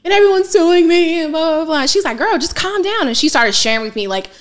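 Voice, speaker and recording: Brief: woman guest, higher voice, animated storyteller, slangy casual podcast chat. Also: fast. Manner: lively, colloquial, animated retelling with quoted asides. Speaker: financial coach, guest. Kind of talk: candid casual interview storytelling.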